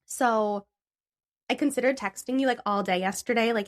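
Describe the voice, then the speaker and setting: A young adult woman with a fairly high voice co-hosts a podcast. She chats loosely and laughs a lot, with the odd curse. She then reads out history notes in a plain, steady way. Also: a little fast. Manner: laughs often, swears casually. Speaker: podcast co-host. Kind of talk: casual chat, then reading researched history.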